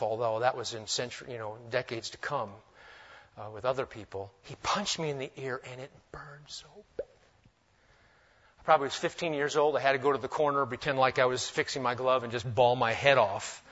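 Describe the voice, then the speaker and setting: A man preaching a sermon, swinging between loud emphasis and hushed, humorous asides. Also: mid-range voice. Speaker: pastor. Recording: dull lo-fi recording.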